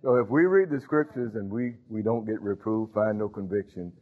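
A man's voice: on the low side, normal speed, phone-quality sound. A man preaching a sermon, calling out to the congregation and breaking into sung lines.

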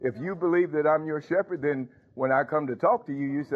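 Man preaching over tinny phone-like audio. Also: fairly high pitch. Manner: halting, many fillers, rising to emphatic. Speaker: pastor. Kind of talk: sermon.

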